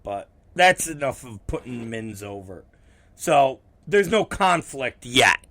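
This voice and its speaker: Speaking slowly in a medium-pitched voice that swings widely in pitch, a man hosts his own show in a casual, profane monologue. His tone is pushed and bright. He acts out both sides of conversations he has had.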